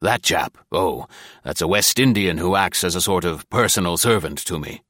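A man voicing a stern, gruff older naval admiral with a raised, emphatic delivery in a read-aloud story. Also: low voice, lively intonation, moderate pace, fairly bright tone, no echo, studio quality.

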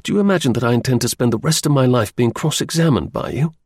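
A man reading the part of a blunt, restless young gentleman, in a clipped upper-class manner. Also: medium pitch, animated, quick pace, breathy edge, dry recording, clean studio sound.

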